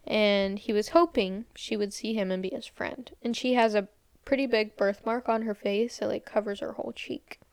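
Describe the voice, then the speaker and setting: Recapping a movie for her podcast, this young woman tells the story casually, quotes what characters said, and fills her speech with "like." Medium in pitch and steady in tone, she talks at a normal speed with a creaky texture and few pauses, sounding smooth. The sound is dry, clean studio audio.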